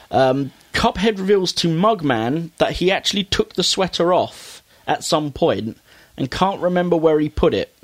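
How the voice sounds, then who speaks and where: A man casually recapping a cartoon episode, acting out the characters' lines as he goes. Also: mid-range voice. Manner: animated storytelling, acting out characters' lines with raised voice. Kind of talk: casual chat.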